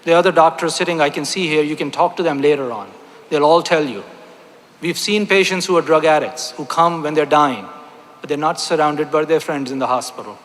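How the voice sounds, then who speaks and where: A man's voice: a little high, fairly bright tone. A man giving an impassioned speech from a stage at a religious convention, repeating his points emphatically and asking the audience rhetorical questions. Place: large hall on stage. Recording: long hall reverb.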